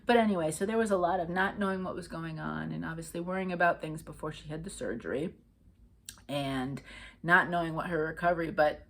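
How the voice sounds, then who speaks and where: A woman's voice: sits low, fairly quick, fairly bright tone. A middle-aged woman from Connecticut hosting a cross-stitch vlog, chatting in a rambling way with lots of fillers and restarts. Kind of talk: casual chat.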